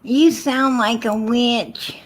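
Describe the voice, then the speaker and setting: A woman's voice: fairly high pitch, fairly even intonation, takes it slowly. A woman hosting a livestream, telling stories and arguing with viewers in a blunt, profane way. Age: adult with four kids. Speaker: livestream host. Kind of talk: casual livestream talk.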